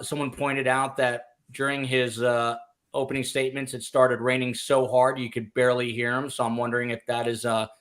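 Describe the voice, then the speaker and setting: A man's voice: mid-range voice, a bit bright. Casual male podcast host. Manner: lots of um and uh fillers, conversational.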